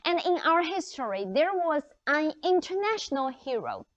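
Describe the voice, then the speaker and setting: A woman's voice: sits high, sing-song, normal speed, no echo. A woman English teacher leading a lesson, upbeat and encouraging as she asks the class questions. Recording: dry, dull lo-fi sound.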